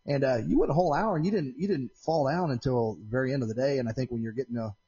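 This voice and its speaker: A man hosting a casual podcast from his home shop, telling long rambling stories that get animated when he replays an argument. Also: mid-range voice, rapid-fire, husky, lo-fi sound. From Central Indiana. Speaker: podcast host. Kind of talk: casual storytelling chat. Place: home shop with doors open.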